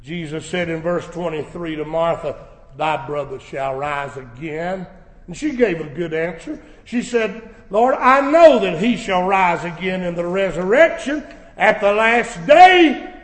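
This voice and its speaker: Preacher guy, high voice, slow and drawn out, big reverby church. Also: lively intonation. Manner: preaching with swells into shouted emphasis. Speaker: pastor. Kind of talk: sermon. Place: church sanctuary. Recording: echoey church hall.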